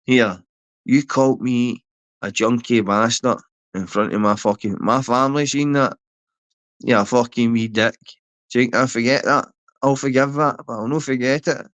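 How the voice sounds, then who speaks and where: A man's voice: medium pitch, steady tone, moderate pace, a bit bright, muffled recording. A man with a Scottish accent ranting on a livestream, swearing, throwing insults and talking to viewers by name. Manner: foul-mouthed, insulting; rambling, talks to chat by name. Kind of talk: livestream rant.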